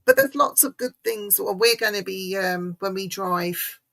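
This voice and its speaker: A woman's voice: mid-range voice, unhurried, vocal fry, fairly bright tone. A woman with an English accent, a paranormal investigator chatting casually as a guest, talkative and given to laughing and restarting her sentences. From England. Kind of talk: casual chat.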